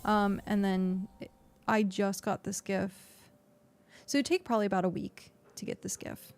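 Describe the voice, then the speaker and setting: A woman streamer chats casually while playing and explaining a game, using lots of fillers and speaking into a desk microphone. Her mid-range voice is steady, a little mellow, and moves at a normal speed. There's slight background noise and faint music behind her.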